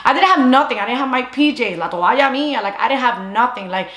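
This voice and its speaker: A young adult woman telling a casual storytime monologue, animated and chatty, slipping between English and Spanish. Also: a little high, quick pace. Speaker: storyteller vlogger. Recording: echoey room.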